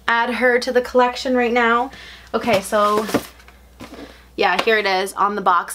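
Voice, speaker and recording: Gushing, excitable woman vlogger. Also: fairly high pitch, a little hiss or hum. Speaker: unboxing vlogger. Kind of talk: casual unboxing vlog.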